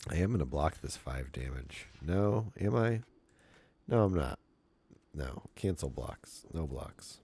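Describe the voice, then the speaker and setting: A man's voice: very deep voice, animated, slow, mellow, slight background noise. A middle-aged man streaming a card game, chatting casually and goofily to his viewers with jokey asides. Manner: goofy, self-mocking, jokey asides to chat.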